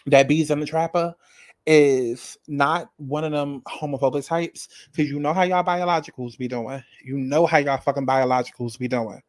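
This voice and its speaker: A man's voice: fairly high pitch, steady tone, moderate pace, no room sound. A man giving casual, sassy commentary on a reality show, dramatic and profane, addressing the viewer directly.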